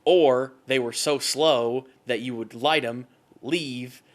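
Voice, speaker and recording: A man's voice: medium pitch, fairly even intonation. Tired, rambling man. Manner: rambling, halting, full of restarts and fillers. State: tired, yawning. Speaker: podcast co-host. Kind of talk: casual podcast chat.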